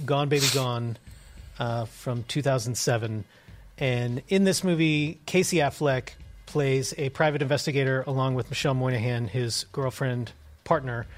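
A male podcast host in casual movie chat, recapping plots in a rambling, hesitant way. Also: medium pitch.

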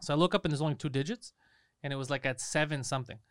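A man rattling off a story at a fast clip, his voice smooth and clear and fairly high for a man. He swears freely and acts out both sides of the argument. The recording is dry and close-miked, as in a studio. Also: no room sound. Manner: animated, profane storyteller acting out dialogue. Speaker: podcast co-host. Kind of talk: casual storytelling.

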